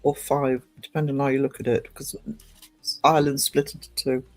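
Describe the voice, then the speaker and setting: A man's voice: mid-range voice, flat delivery, brisk, faint music behind. A man streaming live, chatting casually in a rambling way full of ums and restarts.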